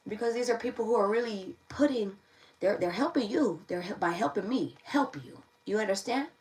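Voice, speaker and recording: A woman's voice: mid-range voice, normal speed, darkish tone. A woman giving a casual livestream tarot reading, chatty, often repeating her phrases and laughing. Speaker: tarot reader. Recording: voice a bit distant from the mic.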